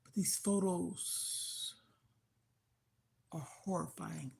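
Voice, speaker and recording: Low-voiced older woman telling a grief story. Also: very slow, gravelly, darkish tone, slightly rough. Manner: heartfelt, grieving, rising to indignant outbursts. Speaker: livestream host. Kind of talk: emotional personal storytelling on a livestream.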